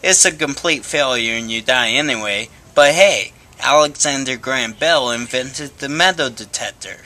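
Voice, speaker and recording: A man's voice: mid-range voice, moderate pace, bright, forceful tone. A man telling absurd jokes in a dry, matter-of-fact way, now and then stumbling over his words. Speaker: stand-up comic. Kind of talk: deadpan joke telling.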